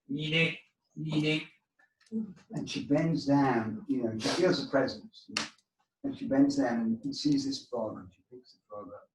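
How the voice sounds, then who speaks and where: A man's voice: mid-range voice, darkish tone, roomy sound, recorded from a distance, slight background noise, rough recording. A man in a group call telling a playful joke story, acting out its voices. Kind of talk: casual storytelling.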